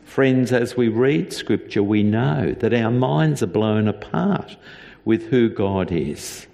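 A man preaching a sermon as a pastor, earnest and deliberate, with emphatic repetition. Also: fairly low pitch, animated, gravelly, warm tone, big-room sound.

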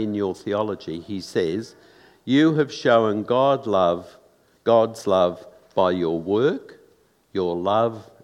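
A man preaches slowly from the pulpit, his voice sitting a little low. He talks to his congregation in an earnest, conversational way, asking rhetorical questions. The sound carries a long reverb from a church hall. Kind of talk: sermon.

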